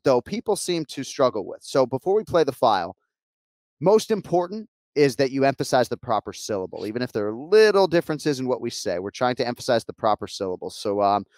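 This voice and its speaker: A man's voice: medium pitch, darkish tone, dry recording. A man hosting a sports podcast in casual, joking chat, laughing easily and swearing now and then. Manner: laughing, easygoing, profane. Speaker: podcast host.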